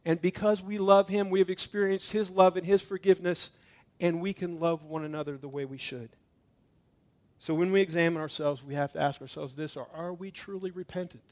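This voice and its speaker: A middle-aged male pastor giving a communion sermon, swinging from loud, emphatic preaching to hushed, intimate tones and acting out dialogue as he tells a story. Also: high voice, steady tone, fairly quick.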